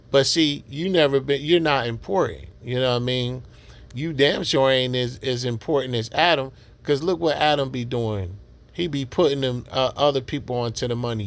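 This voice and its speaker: A man giving casual reaction commentary on a podcast clip, ranting and mocking in street slang. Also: fairly high pitch. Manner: ranting, mocking, repetitive slang-heavy rant.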